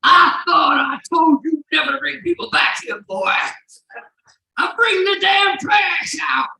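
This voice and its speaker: A woman's voice: very high-pitched, animated, unhurried, vocal fry, pitched above the performer's own voice, heavily acted. Woman doing a bellowing furious shotgun dad. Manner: shouting, bellowing. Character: angry red-faced father with shotgun, man. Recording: roomy live room echo.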